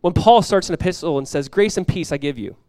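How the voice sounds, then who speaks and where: Fast-talking male pastor, higher voice. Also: expressive, no echo, clean studio sound. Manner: conversational, acts out prayers in a hushed voice. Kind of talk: sermon.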